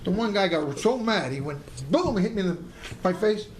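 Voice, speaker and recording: A man's voice: sits high, brisk, roomy sound. A middle-aged man, a podcast guest and former boxer, telling profane stories live on a club stage and acting out the people in them. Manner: profane, animated, acts out the people in his stories. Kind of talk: live storytelling. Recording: noisy live club recording.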